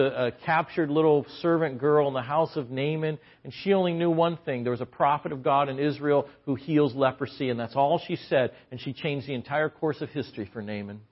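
A man preaching a conversational sermon in church, animated, swinging between loud exclamations and hushed asides. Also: fairly high pitch. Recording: dull lo-fi audio.

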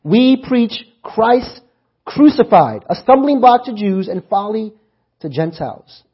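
Husky and fairly high-pitched, a male preacher moves through scripture at a measured pace, animated as he keeps posing questions the congregation calls back to. The recording sounds muffled and lo-fi.

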